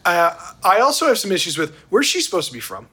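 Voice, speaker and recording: Husky, slightly high male host, animated and opinionated in casual chat. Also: fast talker. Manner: animated, opinionated, laughs easily. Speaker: podcast host. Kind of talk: casual chat about film and wine.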